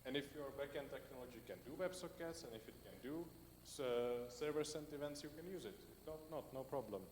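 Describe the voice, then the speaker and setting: A man's voice: mid-range voice, brisk, darkish tone. A man giving a tech talk in a hall, in a middle-range voice. He speaks loosely, with lots of fillers, and sounds a little worn as he loses his voice. The room adds a long reverb and a faint hiss behind him. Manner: loose and conversational, many fillers, builds lists. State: losing his voice. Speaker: conference speaker. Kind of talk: tech meetup talk with audience Q&A. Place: meetup hall.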